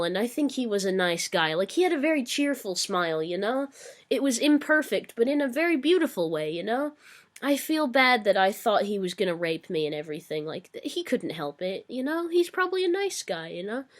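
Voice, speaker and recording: A young woman vlogger telling a candid personal story in a rambling way, full of fillers and self-corrections, with a darkly wry tone. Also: medium pitch.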